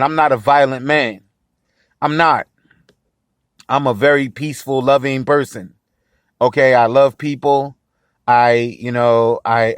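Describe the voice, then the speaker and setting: A man's voice: mid-range voice, no room sound, studio quality. A man hosting a podcast in impassioned solo commentary, outraged and emphatic, repeating phrases for force. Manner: outraged, voice rising and pressing. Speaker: podcast host.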